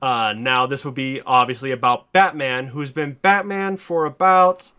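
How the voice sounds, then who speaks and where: A man hosting a podcast, excitedly retelling a story pitch in casual, swearing chat. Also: unhurried, smooth. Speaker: podcast host.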